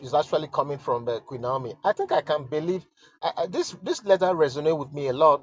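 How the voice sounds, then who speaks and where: A Nigerian man giving emotional, halting commentary while reading a letter aloud, stammering and sighing as he repeats himself. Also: on the high side, darkish tone, muffled recording. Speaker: online commentator.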